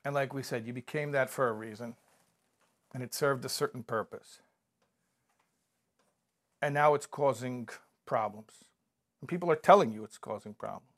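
A man giving a measured, reflective talk about recovery, mixing in stories and jokes. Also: medium pitch, a bit bright. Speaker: recovery speaker.

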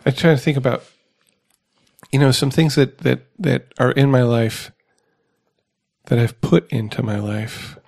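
A man hosting a recovery podcast, talking in a slow, halting, thoughtful way. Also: mid-range voice, gravelly, a little mellow. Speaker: podcast host. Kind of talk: casual recovery podcast chat.

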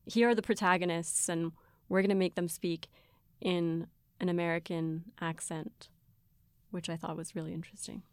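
Smooth low-voiced woman, measured. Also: fairly even intonation, no room sound, studio quality. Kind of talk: casual podcast discussion.

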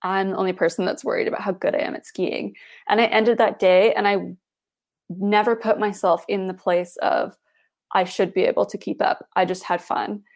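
A woman's voice: mid-range voice, steady tone, normal speed, creaky, darkish tone. A woman guest speaking earnestly and reflectively in a casual chat.

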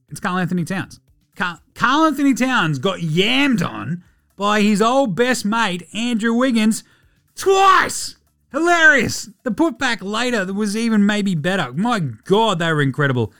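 An Australian man runs through the night's basketball in a loose, chatty way, swearing freely and throwing in quick asides. His voice sits a little on the high side. Faint music plays behind him. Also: fairly bright tone. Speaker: podcast host. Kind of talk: casual basketball commentary.

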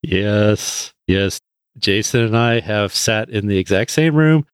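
A man's voice: lowish voice, animated, slow, smooth, no room sound, clean studio sound. A man co-hosting a podcast, joking and self-deprecating in casual banter. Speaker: podcast co-host.

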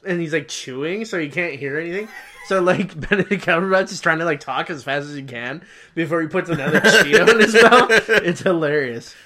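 A man's voice: a little high, a little fast, a crowd in the background. A young man co-hosting a casual podcast, laughing often and swearing freely. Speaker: podcast co-host. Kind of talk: casual chat.

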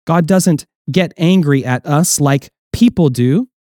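A man's voice: on the high side, slow pace, mellow, dry recording, studio quality. A man preaching a sermon as pastor, explaining earnestly, with restarts, and acting out quoted voices.

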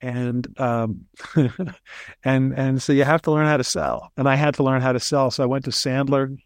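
Male guest, animated anecdote-teller, keeps restarting sentences, mid pitch, dry close mic. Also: normal speed, dry recording. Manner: chatty, animated storyteller with frequent restarts. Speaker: ghostwriter guest. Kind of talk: casual interview storytelling.

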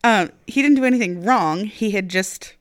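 A woman in her thirties co-hosting a podcast, telling a family story in an animated way. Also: medium pitch, normal speed, no echo, studio quality. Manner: animated, telling stories with acted-out quotes. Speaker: podcast co-host. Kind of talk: casual storytelling.

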